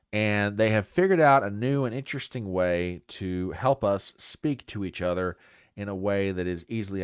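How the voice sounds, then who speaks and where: An older man with a lowish voice hosts a casual talk show in a livestream-commentary style, recorded dry at studio quality. He reads the news aloud and tosses in sarcastic asides.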